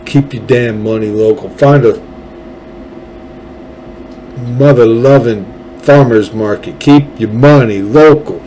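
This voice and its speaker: A man's voice: medium pitch, slow, long pauses, mellow, slight background noise, rough recording. A man hosting a political podcast, ranting angrily with sarcasm and profanity. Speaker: podcast host. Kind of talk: political commentary rant.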